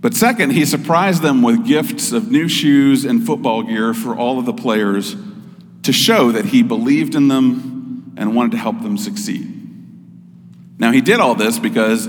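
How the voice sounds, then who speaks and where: A man giving a sermon as pastor, in a measured, explanatory way. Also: medium pitch, long reverb tail.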